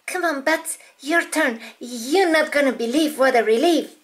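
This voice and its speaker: A woman's voice: high-pitched, unhurried, few pauses, slight background noise. A woman voicing dolls in a toy-play video, in a childlike, sing-song way. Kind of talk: toy play with doll voices.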